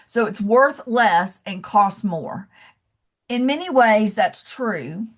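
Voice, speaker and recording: A woman's voice: mid-range voice, lively intonation, takes it slowly. A woman with a Southern US accent giving a casual, encouraging webinar presentation as a coach over a video call. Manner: chatty and encouraging, says y'all and calls listeners love.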